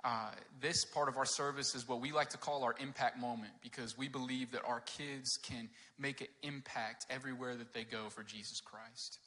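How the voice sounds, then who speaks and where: A man's voice: medium pitch, fairly even intonation, moderate pace, few pauses, pushed and bright, big-room sound. A man working as a children and youth pastor, giving a casual, chatty children's sermon during a church service without his own microphone. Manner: casual, chatty, addresses listeners as "guys" with many fillers. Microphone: no personal mic, picked up by room sound.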